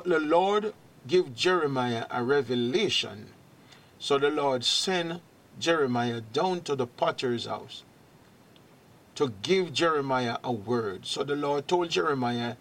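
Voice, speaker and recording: A man preaching a sermon and reading scripture aloud, slow and deliberate, rising in emphasis on key verses. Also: mid-range voice, a bit bright.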